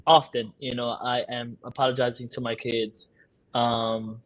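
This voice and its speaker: A man's voice: medium pitch, little pitch movement, unhurried, a bit bright. A man speaking as a guest, a father talking candidly and laughing through his stories in casual conversation.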